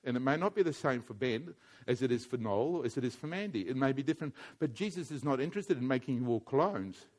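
A man preaching a sermon, swinging between quiet intimate passages and loud emphatic urging, often repeating his points. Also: mid-range voice, animated, fast talker, hardly any pauses. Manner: wide swings from hushed to loud, emphatic repetition.

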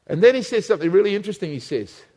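A man's voice: sits high, very animated, very fast, mellow, in a large hall. A man preaching a sermon, emphatic and fond of repeating phrases for effect.

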